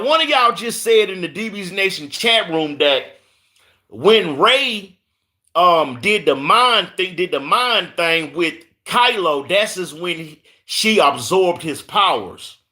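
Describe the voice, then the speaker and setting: A bright, forceful, high voice belongs to a man from Houston, Texas with a Southern accent. He hosts a relaxed live stream, reading viewers' comments out loud while often fumbling names and repeating words.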